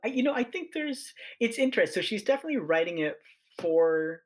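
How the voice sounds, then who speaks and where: A man appearing as a podcast guest, talking excitedly about a book, restarting sentences and running into tangents. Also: sits high, brisk. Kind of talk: casual book discussion.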